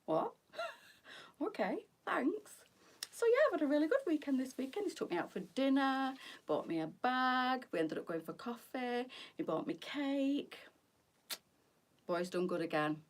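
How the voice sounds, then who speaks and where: A woman's voice: high voice, lively intonation, a little slow, far from the mic. A middle-aged woman, hosting a live boutique try-on with bubbly, gossipy chat and frequent laughter. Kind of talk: chatty live-stream fashion talk.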